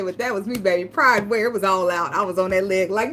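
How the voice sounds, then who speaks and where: A woman tarot reader giving casual spiritual advice, telling a personal story and breaking into a high pleading voice to act out begging. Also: fast talker, hardly any pauses, a little hiss or hum. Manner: animated storytelling, acts out begging in a high pleading voice, laughs often.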